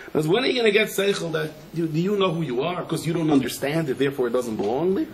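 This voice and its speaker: A rabbi teaching a Torah class, his voice sitting a little high for a man. He tells stories with animation, drops in Hebrew and Yiddish terms, and puts on the voices of the people he quotes. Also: lively intonation, fast, slight background noise, low-quality recording. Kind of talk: storytelling Torah lecture.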